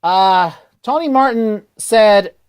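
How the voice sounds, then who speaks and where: A man's voice: high-pitched, slow, clear, resonant tone. Rambling, hesitant male radio DJ. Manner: rambling, self-correcting, hesitant. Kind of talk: casual radio show talk.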